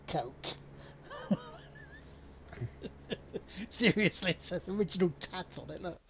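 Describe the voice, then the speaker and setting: A man's voice: high-pitched, unhurried, long pauses, pushed and bright, slight background noise. A man chatting and swearing casually while streaming a racing game. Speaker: gaming streamer. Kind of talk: casual gameplay commentary.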